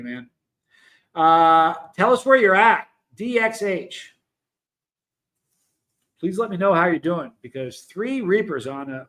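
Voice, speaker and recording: With a fairly bright tone and a voice pitched on the high side, a man runs a relaxed livestream. He rambles chattily, reads viewers' comments, and repeatedly halts and restarts his sentences.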